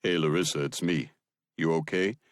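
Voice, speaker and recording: A man voicing a calm, protective soldier in an audiobook, firm and clipped. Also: rumbling low, normal speed, no room sound, studio quality.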